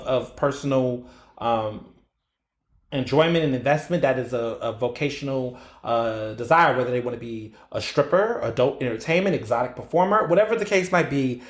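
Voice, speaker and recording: A man hosting a solo podcast, telling stories in an animated way and acting out his own exclamations. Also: medium pitch, normal speed, reverberant. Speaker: podcast host.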